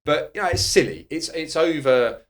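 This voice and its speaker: A man's voice: fairly high pitch, animated, moderate pace. A middle-aged man, a podcast guest telling blunt, candid stories and swearing freely. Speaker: guest, personal trainer and author. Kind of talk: candid conversational storytelling.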